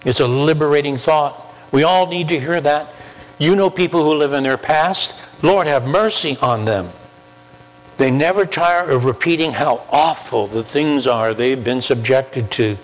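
A man preaching a sermon, emphatic, with slow drawn-out pauses and repeated key phrases. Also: a little high, animated. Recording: long hall reverb with faint mains hum.

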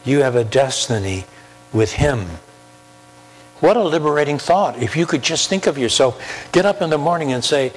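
A man's voice: a little high, expressive. Emphatic male preacher in a reverberant hall. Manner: emphatic, drawn-out pauses, repeats key phrases. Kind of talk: sermon. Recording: long hall reverb with faint mains hum.

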